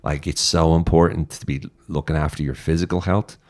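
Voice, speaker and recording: Irish guy on a podcast, super deep voice, blunt, swears a lot. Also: fairly even intonation, fairly quick, a little mellow. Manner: blunt, swears freely, direct advice. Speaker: podcast guest. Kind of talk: casual interview talk.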